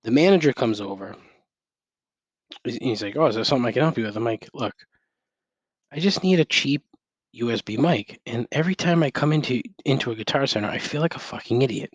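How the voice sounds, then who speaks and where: A man's voice: medium pitch, expressive, moderate pace, pauses often, breathy edge, no room sound, muffled recording. A middle-aged man hosting a solo podcast, ranting sarcastically and swearing constantly, wired on caffeine, talking into a headset mic at home. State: over-caffeinated. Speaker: podcast host. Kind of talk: profane solo rant. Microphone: gaming headset.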